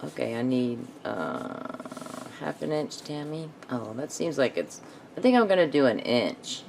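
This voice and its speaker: A woman's voice: extremely low pitch, big pitch swings, measured pace, creaky, darkish tone, a little hiss or hum. A woman hosting a casual craft video, talking herself through each step as she measures and cuts. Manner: thinks aloud while working, self-talk. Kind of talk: casual craft tutorial narration.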